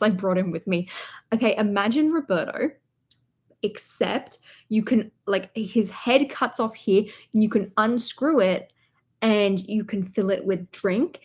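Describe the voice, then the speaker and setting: Chatty young woman rambling on a livestream. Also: medium pitch. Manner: rambling storytelling, chats to viewers. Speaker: vlogger hosting a livestream. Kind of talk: casual live-stream chat. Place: indoors in a hotel room.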